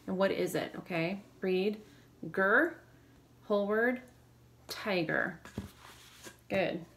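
A woman teacher leading a phonics lesson, calling out brisk drill prompts and giving quick praise. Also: mid-range voice, a bit bright, a little hiss or hum.

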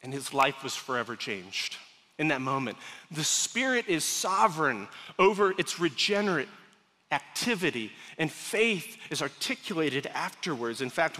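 A male pastor preaches in a relaxed, conversational way and keeps breaking off into joking asides to his congregation. His voice sits high and bright. It rings out through a big sanctuary with a long reverb. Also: normal speed. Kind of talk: sermon. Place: large church sanctuary. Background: congregation laughing at times.

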